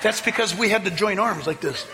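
A man preaches a sermon, telling a story from the pulpit and pushing it up to loud, excited climaxes. His voice is bright and sharp, with a long reverb tail from the church hall. A faint room ambience sits behind him. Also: high-pitched, brisk, a little hiss or hum. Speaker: pastor. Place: church sanctuary.

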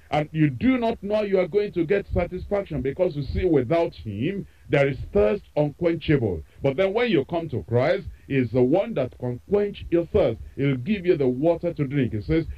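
A man's voice: a little high, highs cut off. A man preaching a sermon with an emphatic, repetitive cadence.

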